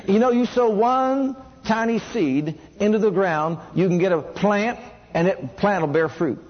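A man's voice: high-pitched, measured pace, highs cut off. A man preaching a sermon who keeps asking the congregation questions and has them repeat lines back to him.

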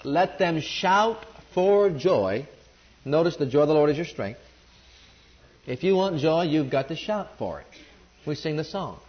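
Man preaching, emphatic, draws the congregation in, slightly high voice, dull lo-fi sound. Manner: emphatic, calls on the congregation to respond. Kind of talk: sermon.

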